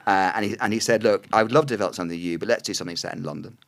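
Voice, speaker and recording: A Northern Irish man in his sixties, a TV producer chatting as a podcast guest, telling stories with lively asides and restarts. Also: on the low side, rapid-fire, creaky. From Northern Ireland. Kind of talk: casual interview chat.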